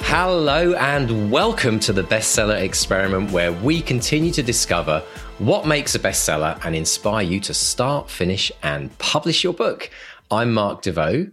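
Upbeat guy cohosting a writing podcast, lowish voice, swoops up and down a lot. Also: big pitch swings, normal speed, fairly bright tone, soft background music. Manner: enthusiastic, upbeat. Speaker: podcast co-host. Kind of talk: casual podcast chat.

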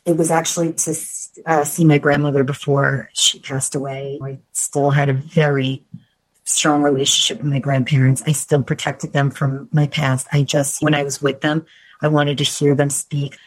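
Low-voiced woman telling her story. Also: level tone, normal speed, low-quality recording. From New York. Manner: candid, reflective, restarts words often. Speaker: guest. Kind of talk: personal story in an interview.

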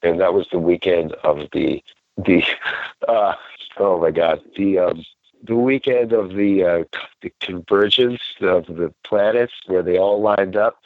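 A man's voice: low-pitched, unhurried, dry recording, narrow, tinny audio. A man guest telling a story in a loose, rambling way, often restarting mid-sentence. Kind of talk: casual storytelling.

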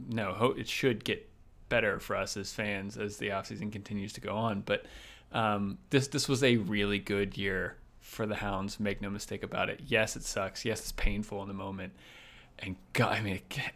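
Man, podcast co-host, casual chat, animated, rambling restarts, lowish voice.

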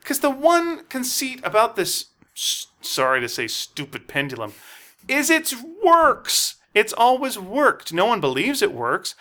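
A man co-hosting a casual podcast, reading a comic aloud and getting animated as he talks it over. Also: high voice, moderate pace, hardly any pauses. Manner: animated, reads characters in silly voices, gets worked up. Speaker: podcast co-host.

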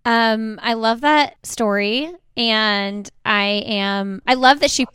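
A woman's voice: a little high, takes it slowly, fairly bright tone, clean tone, dry recording, studio quality. A woman hosting a podcast, a parent reflecting conversationally on her own experience. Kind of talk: casual podcast chat.

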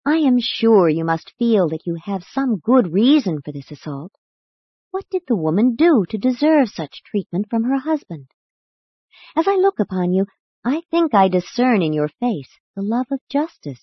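A woman voicing a gentle, patient male teacher who speaks in a measured, earnest way. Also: medium pitch, big pitch swings, husky, dry recording, dull audio.

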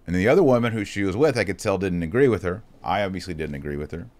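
A middle-aged man with a deep, low voice gives an impassioned talk as a Catholic speaker. He is earnest and emphatic, pressing his points loudly before dropping to a hushed, reflective tone as he tells his story. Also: lively intonation, fast talker.

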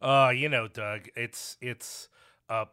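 A man's voice: mid-range voice, fairly even intonation, slow pace, sharp tone, smooth. A man from Philadelphia co-hosting a podcast, talking in a rambling, self-deprecating casual chat. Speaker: podcast co-host.

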